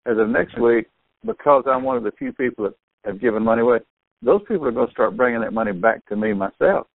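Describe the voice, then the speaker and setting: Excitable older man on a phone line. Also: mid-range voice, quick pace, no echo. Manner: excitable storyteller, acts out quotes. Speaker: store owner and sales partner. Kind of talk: phone conversation.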